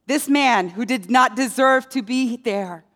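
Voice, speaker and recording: Slow, high-voiced woman preaching. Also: soft background music. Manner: slow, storytelling delivery, dropping low and quiet on key words. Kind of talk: sermon.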